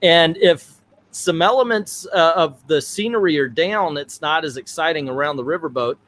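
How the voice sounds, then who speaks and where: A man's voice: on the high side, moderate pace, fairly bright tone. A man hosting a casual chat, joking and stammering a little as he steers the discussion. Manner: jokey, stammers on restarts, leads the discussion. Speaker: podcast host.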